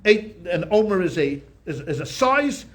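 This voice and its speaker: A man's voice: high voice, very animated, normal speed. A rabbi giving a weekly Torah class, telling jokes and stories in a chatty way, often checking in with "okay?" and restarting his sentences. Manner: chatty storyteller, keeps asking "okay?"; frequent restarts and repeated words.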